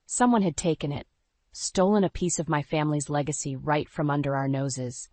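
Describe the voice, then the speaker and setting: A woman narrating a scripted first-person story in a dramatic, even storytelling voice. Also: sits low, normal speed, no room sound.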